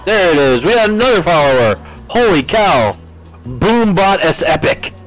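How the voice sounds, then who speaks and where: A man's voice: high voice, sing-song, normal speed, faint music behind, poor audio. A man from the United States in his thirties, streaming a game live and chatting with his viewers, reading their messages aloud with playful jokes.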